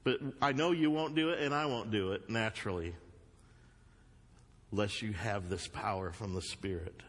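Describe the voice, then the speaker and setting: Emphatic Southern preacher in a reverberant hall. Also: male voice, moderate pace. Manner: swings from loud emphatic bursts to low earnest asides. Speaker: pastor. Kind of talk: sermon. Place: church sanctuary.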